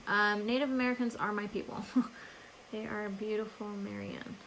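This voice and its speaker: A woman's voice: mid-range voice, fairly even intonation, moderate pace, gravelly, background noise. A woman hosting a live stream as a psychic medium, chatting casually, laughing often and answering viewers by name.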